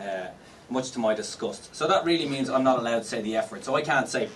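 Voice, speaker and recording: A man's voice: mid-range voice, fast, a bit bright. An Irish man doing stand-up, teasing the audience in cheeky banter with lots of fillers. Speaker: stand-up comedian. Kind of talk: live comedy show audience work. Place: live comedy venue. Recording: distant mic, noisy live room.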